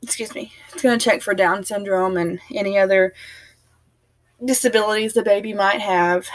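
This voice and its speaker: A woman's voice: medium pitch, fairly even intonation, normal speed, dry recording. A young woman chatting to camera in a rambling, casual way, laughing now and then and sounding tired. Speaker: family vlogger.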